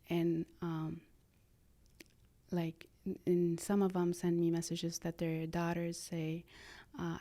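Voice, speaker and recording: A woman, speaking earnestly and haltingly as a podcast guest, slipping in phrases. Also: on the low side, completely flat delivery, warm tone. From Lebanon. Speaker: guest, art therapy practitioner. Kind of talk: conversational podcast interview.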